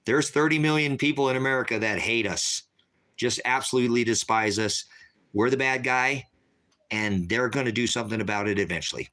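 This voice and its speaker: A man preaching on a livestream, ranting forcefully and repeating himself. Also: mid-range voice, a little fast. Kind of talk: heated livestream rant.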